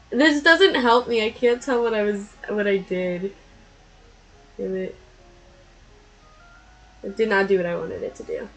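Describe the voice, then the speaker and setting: A woman's voice: mid-range voice, unhurried, long pauses, a little mellow, faint music behind, low-quality recording. A young woman streamer chatting casually with her viewers as she draws, laughing often and poking fun at herself. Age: young adult. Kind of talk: casual chat while drawing.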